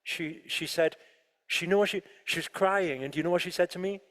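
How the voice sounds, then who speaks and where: A man giving an animated motivational talk to a live audience, often asking the listeners questions. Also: high voice, a little fast. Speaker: motivational speaker. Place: large room with an audience. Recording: long hall reverb.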